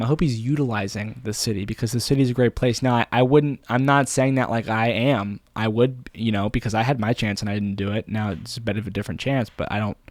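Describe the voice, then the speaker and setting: A man's voice: medium pitch, a little mellow, no room sound, clean studio sound. A young man vlogging casually, thinking aloud in a rambling, playful way. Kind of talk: casual talking to camera.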